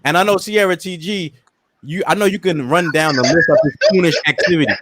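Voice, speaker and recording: A man's voice: fairly high pitch, a little fast, fairly bright tone. A man hosting a casual comedic chat show, joking loosely and reading viewer comments aloud. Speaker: podcast host.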